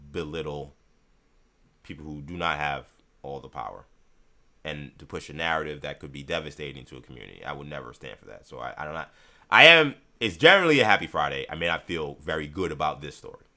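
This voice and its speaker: A man hosting a live sports talk show, reacting to viewer chat and ranting in an animated way about the news. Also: a bass voice.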